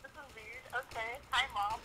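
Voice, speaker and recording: Bright-voiced young woman on a call. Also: a little high, fairly even intonation, normal speed, slight background noise. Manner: giggly, with short dry comebacks. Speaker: host's friend and co-player. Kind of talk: casual chat on a voice call.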